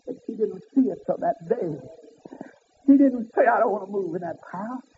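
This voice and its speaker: A man preaching a fiery sermon, swinging up to high shouted peaks. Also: animated, normal speed, a little hiss or hum. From American South. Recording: tinny phone-like old sermon tape.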